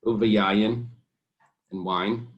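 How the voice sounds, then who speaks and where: A man teaching a Talmud lesson in a relaxed way, thinking aloud with fillers and mixing Hebrew and Aramaic terms into his English. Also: fairly low pitch, extremely slow, highs cut off. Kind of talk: casual Talmud study lesson.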